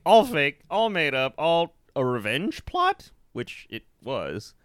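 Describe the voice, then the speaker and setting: Smooth-voiced man reviewing a film. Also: on the high side, takes it slowly, no echo. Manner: animated, laughs often, swears. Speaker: podcast co-host. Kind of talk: casual movie review chat.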